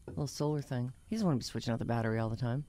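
Animated storytelling show co-host. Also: medium pitch, rapid-fire. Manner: animated storyteller, laughs while telling anecdotes. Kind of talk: casual chat.

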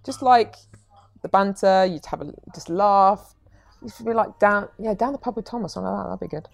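A woman's voice: mid-range voice, a little fast, vocal fry. A woman hosting a podcast, chatting casually and laughing along with her guest. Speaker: podcast host.

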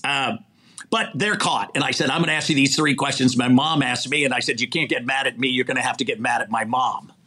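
A man's voice: medium pitch, brisk, sharp tone, husky. An older man who is a podcast interview guest, telling stories animatedly, acting out quoted dialogue and chuckling mid-sentence. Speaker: interview guest, executive recruiter. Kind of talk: storytelling in a podcast conversation.

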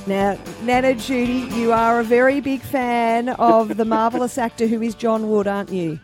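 A woman's voice: on the high side, steady tone, moderate pace, a little mellow, soft background music. A woman hosting a radio show, upbeat and chatty with some ums and restarts. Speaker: radio host. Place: radio studio.

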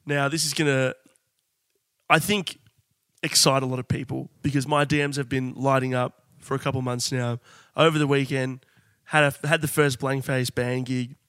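A man co-hosting a casual comedy podcast, jokey and quick to laugh. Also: medium pitch, level tone, a bit bright, clean tone, dry recording, clean studio sound. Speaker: podcast co-host.

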